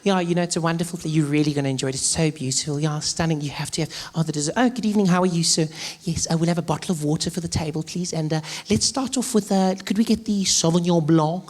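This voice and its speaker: A man's voice: a little high, racing, hardly any pauses, close to an everyday voice. A man acting out a pretentious diner who orders in an overly refined voice. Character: affected man ordering in a posh restaurant.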